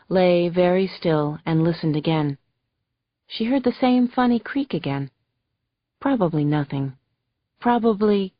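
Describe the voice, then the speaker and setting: A woman narrating a thriller audiobook in the first person with gentle, emotional storytelling. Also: fairly low pitch, no echo. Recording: dull lo-fi audio, faint music.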